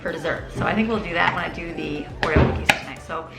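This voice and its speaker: A woman's voice: on the low side, fast, creaky, loud music behind the voice. A woman in her thirties, a homeschooling mother, chatting through her day in a casual vlog while she goes about her chores at home. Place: car, home and kitchen. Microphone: handheld camera.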